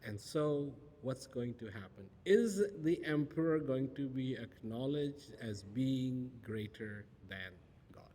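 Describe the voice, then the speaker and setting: A spiritual speaker gives a storytelling talk to the public, asking rhetorical questions and repeating phrases for emphasis. His medium-pitched, warm voice has lively intonation and takes things slowly. The long reverb of a large auditorium fills the recording.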